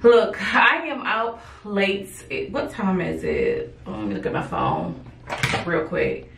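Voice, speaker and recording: A woman's voice: mid-range voice, wildly swooping pitch, slow, creaky, a bit bright, roomy sound, distant mic. A tired woman chatting casually and playfully while she braids her own hair late at night. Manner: chatty, playful, sassy asides. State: tired, yawning. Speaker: beauty vlogger. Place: home at night.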